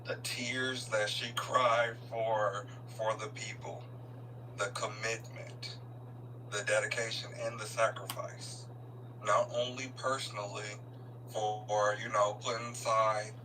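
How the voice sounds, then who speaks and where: A man giving an earnest, halting tribute at a live event, often repeating his words. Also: on the low side, level tone, bright, forceful tone. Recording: distant mic with a noisy room and hum.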